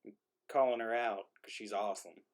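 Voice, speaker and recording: A man's voice: lowish voice, fairly even intonation, brisk. A man, the playwright hosting an online play reading, chatting casually over a video call with lots of ums and self-deprecating laughs. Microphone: video call mic.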